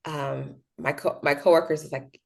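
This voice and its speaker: A young woman guest speaks at a moderate pace in a slightly low, gravelly voice during a relaxed interview. She tells her story in a chatty, animated way, full of fillers, and acts out the other people in it.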